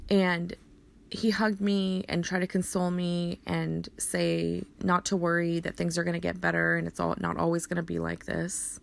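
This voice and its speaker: Gravelly-voiced woman telling her story. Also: lowish voice, little pitch movement, normal speed. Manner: earnest, retells dialogue, frequent restarts. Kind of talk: personal story told in conversation.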